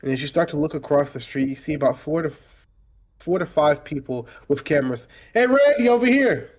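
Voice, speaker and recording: A man's voice: on the high side, brisk. A man narrating scenes as game master in a tabletop role-playing game. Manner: relaxed, describing scenes to players.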